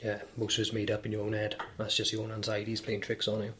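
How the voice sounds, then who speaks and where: UK man on a podcast panel, quick and candid, speaking from personal experience. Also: on the low side, completely flat delivery, fairly bright tone. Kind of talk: casual panel discussion.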